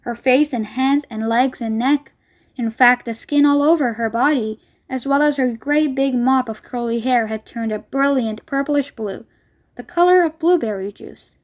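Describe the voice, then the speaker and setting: A woman reading a children's novel aloud in a high voice. Her narration is clear and steady. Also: moderate pace. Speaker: storybook reader.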